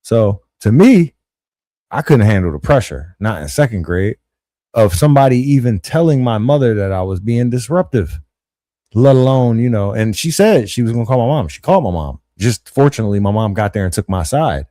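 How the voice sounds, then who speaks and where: This young man's voice sits fairly low and moves a little fast over a dry recording. Hosting a podcast, he tells school stories in animated slang, performing other people's lines as he quotes them.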